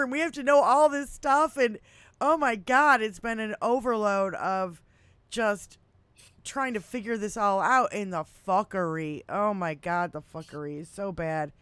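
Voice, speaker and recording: A woman's voice: on the high side, slow, a bit bright, smooth, no room sound. A woman in her fifties co-hosting a casual political podcast chat, swearing freely, talking with animation and laughing often. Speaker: podcast co-host.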